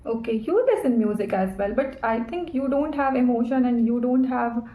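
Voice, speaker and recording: A woman's voice: fairly high pitch, normal speed, echoey room, narrow, tinny audio. A woman practicing English in a casual chat, talking carefully and hesitantly. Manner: careful, hesitant, many fillers.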